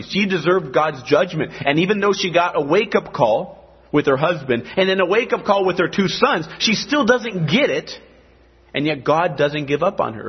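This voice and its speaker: A man's voice: fairly high pitch, slightly rough, highs cut off. A man preaching a sermon, talking in a conversational way and dropping in dramatic asides. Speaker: pastor.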